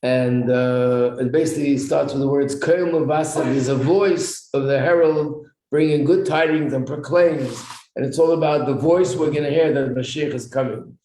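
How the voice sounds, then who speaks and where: A man's voice: mid-range voice, moderate pace, dark tone. A man teaching an informal religious class, explaining customs and asking the class questions. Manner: explanatory, asks the class questions, clears throat often. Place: echoey room with a small class. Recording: roomy echo, faint noise.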